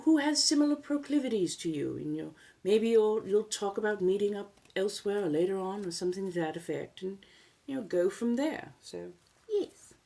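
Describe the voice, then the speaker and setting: A woman hosting a soft-spoken ASMR livestream in a put-on 1700s colonial American accent, chatting casually and teasing her viewers with a playful edge. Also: medium pitch. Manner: teasing, playful with chat, laughs often.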